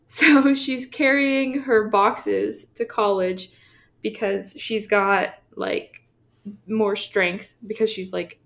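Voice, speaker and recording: A woman co-hosting a podcast, casually retelling a comic book story with lots of fillers and quick acted-out quotes. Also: mid-range voice, creaky, fairly bright tone. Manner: chatty, filler-heavy, acts out quotes. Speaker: podcast co-host.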